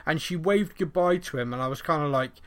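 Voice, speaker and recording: A middle-aged man co-hosting a podcast, recapping a TV episode in rambling, animated casual chat and laughing often. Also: a little high, brisk. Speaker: podcast co-host.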